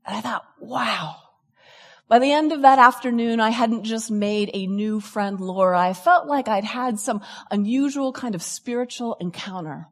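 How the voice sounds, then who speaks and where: A woman, a lively storyteller who acts out the people she quotes, telling a personal story to an audience. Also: fairly high pitch, moderate pace, long reverb tail. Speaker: speaker. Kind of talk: storytelling talk.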